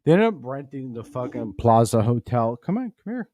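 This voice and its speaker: A man's voice: mid-range voice, big pitch swings, moderate pace, warm tone, no room sound. A tipsy man hosting a comedy podcast from home, rambling, stumbling over his words and cursing as he reacts to a news clip. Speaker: podcast host. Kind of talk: casual comedic commentary.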